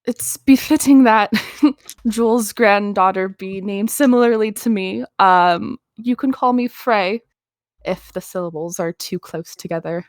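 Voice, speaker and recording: A woman playing a shaken young tailed heroine in a tabletop game, halting and earnest. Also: medium pitch, no room sound, studio quality, close to an everyday voice. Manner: halting, earnest, stumbling over words. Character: shaken young woman with a tail, long imprisoned.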